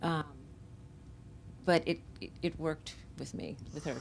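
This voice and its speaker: Low-voiced woman telling candid memories. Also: slow, vocal fry. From Central Florida. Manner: candid, reflective storytelling. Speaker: author discussing her memoir. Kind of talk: conversational book talk. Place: bookstore event.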